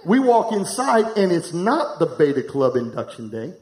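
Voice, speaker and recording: A middle-aged pastor preaching live to a congregation, candid and humorous, telling a personal story and speaking to the room directly. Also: male voice, a little high, sing-song, moderate pace, a little mellow. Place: church hall, live before a congregation. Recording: echoey room.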